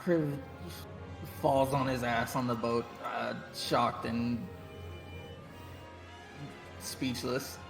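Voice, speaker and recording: A man's voice: mid-range voice, fairly even intonation, extremely slow, creaky, long pauses. A man playing in a tabletop game who talks in a hesitant, stammering way. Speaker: player. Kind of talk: casual tabletop game play. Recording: roomy, with background music.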